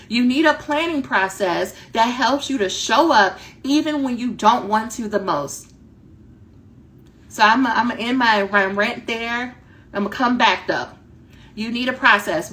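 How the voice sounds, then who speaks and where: A woman dissertation coach giving a direct, animated talk that acts out her students' inner voices. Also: on the high side.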